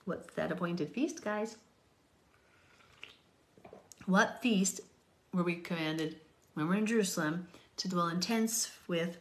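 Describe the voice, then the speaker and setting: Woman, Bible teacher, earnest, pleading, lower voice, reads scripture and comments. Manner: earnest, pleading, sometimes whispered.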